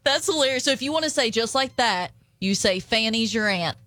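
A woman's voice: sits high, expressive, fast talker, fairly bright tone, no echo. A woman with an Appalachian accent co-hosting a casual podcast chat, giggling often as she reads out phrases. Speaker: podcast co-host.

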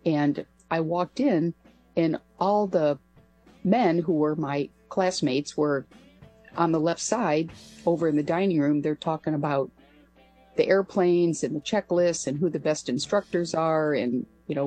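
A woman's voice: low voice, normal speed, dark tone, soft background music. An older woman, a retired pilot, telling a story as a guest on a radio interview, with a light laugh now and then. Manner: anecdotal, laughs while telling. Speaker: guest, former pilot and astronaut.

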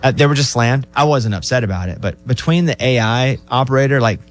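Casting: mid-pitched male podcast co-host, chatty storyteller. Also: brisk, faint music behind. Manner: storytelling, animated retelling. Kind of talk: casual chat.

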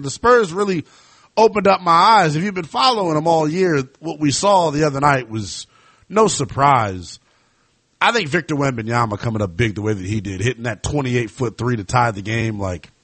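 A man's voice: medium pitch, slightly rough, dry recording. A man hosting a sports talk show, chatting casually with lots of fillers. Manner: conversational, animated, lots of fillers.

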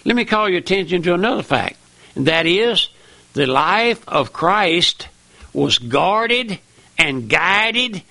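Folksy Southern preacher with a gravelly voice. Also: male voice, sits high, sing-song, slow pace, bright, forceful tone, dry recording. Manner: folksy, repeats "my friend", earnest and emphatic. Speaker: radio preacher. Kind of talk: sermon.

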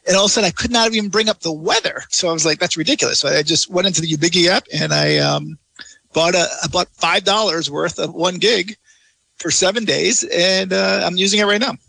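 A man with a high, bright voice and a gravelly edge, chatting in a rambling, eager way with many restarts. He sounds close and dry, as if recorded in a small, dead room. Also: brisk, no echo. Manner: rambling, enthusiastic, frequent restarts. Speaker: travel blogger guest. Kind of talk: casual interview chat.

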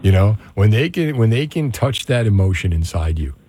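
Male call-in radio host, low and mellow, dry studio mic, chatty and reflective. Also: very animated, moderate pace, breathy edge. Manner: chatty and reflective, drifting into musings. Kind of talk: casual call-in radio talk. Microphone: studio microphone.

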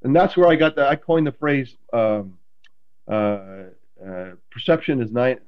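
Male interview guest, animated storyteller, self-deprecating, mid pitch, slightly lo-fi sound. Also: unhurried, clean tone. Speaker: guest, former quarterback.

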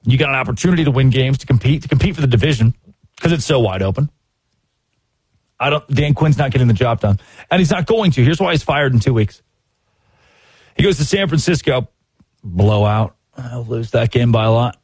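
A man delivers fired-up sports commentary with a husky, slightly high voice that leaps up and down as he gets exasperated. He talks straight into a close microphone in a dry, dead room. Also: brisk, long pauses, no echo. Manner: animated, exasperated, acts out quotes. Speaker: sports talk host.

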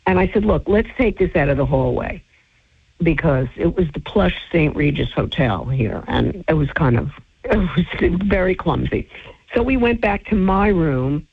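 A woman, an entertainment reporter, tells a lively story in an interview and acts out what each person said with sudden jumps in pitch. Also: moderate pace, husky. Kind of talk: animated anecdote in an interview. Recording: tinny phone-line audio.

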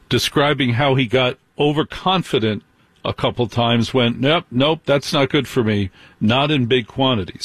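Husky man, sneering gossip commentary. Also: medium pitch, no echo. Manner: mocking, scornful asides. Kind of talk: sarcastic celebrity gossip commentary.

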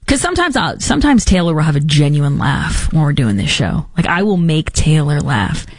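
A woman's voice: sits low, sing-song, a little fast, dry recording, studio quality. A woman hosting a political talk show, giving opinionated commentary with sarcastic asides and mocking put-on quotes. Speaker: podcast host.

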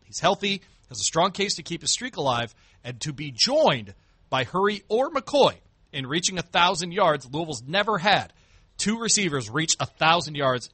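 Animated, bright-voiced sports radio man. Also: on the high side, breathy edge, dry recording. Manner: animated, emphatic. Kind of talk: sports talk banter. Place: radio studio.

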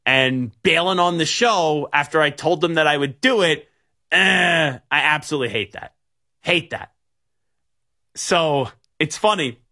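Bright rambling New radio host. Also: male voice, fairly high pitch, unhurried. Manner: rambling, storytelling, many restarts. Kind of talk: casual sports radio talk.

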